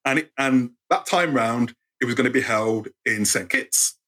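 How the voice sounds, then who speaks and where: Man, 50s, English accent, animated storyteller; sharp, husky voice. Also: medium pitch, normal speed. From England. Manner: animated, acts out quoted voices. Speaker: guest storyteller. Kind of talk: interview storytelling.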